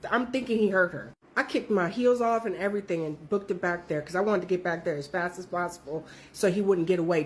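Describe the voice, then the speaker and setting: A woman's voice: mid-range voice, slight background noise. A young woman telling her own story in a casual, profane, emphatic way.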